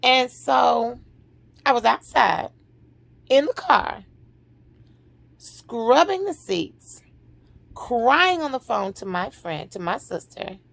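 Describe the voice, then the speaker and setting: Slow, gravelly woman storyteller. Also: fairly high pitch, animated, no echo. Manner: slow, dramatic, drops to a hushed near-whisper at emotional points. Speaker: vlogger telling a personal story. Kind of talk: emotional personal storytelling.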